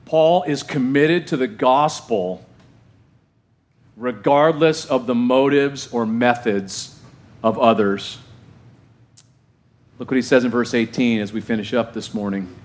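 A man's voice: medium pitch, unhurried, long pauses. A male pastor preaching a sermon in an emphatic, conversational way, often asking his congregation questions.

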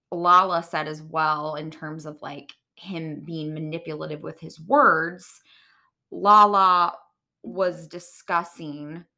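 A woman's voice: sits low, pushed and bright. A young woman hosting a podcast, recapping reality TV in a casual, opinionated way and acting out what people said. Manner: chatty, opinionated, acts out quotes. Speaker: podcast host.

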